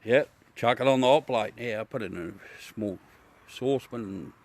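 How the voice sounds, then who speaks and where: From home beside a telescope, an Australian man hosts a livestream, chatting casually with viewers. He talks at a normal speed and medium pitch, rambling easily and laughing at his own jokes.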